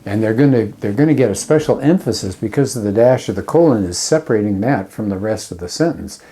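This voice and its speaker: A man's voice: on the low side, expressive, fast, warm tone, slightly rough. A man teaching an English writing lesson in a conversational lecture style, walking through example sentences step by step. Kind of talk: classroom lecture.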